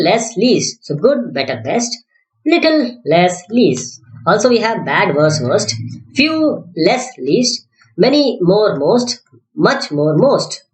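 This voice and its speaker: A woman's voice: mid-range voice, very animated, normal speed. A woman teaching an English grammar lesson. She drills word lists aloud, spells out letters one by one and corrects herself as she goes. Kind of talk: classroom-style grammar lesson. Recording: roomy echo.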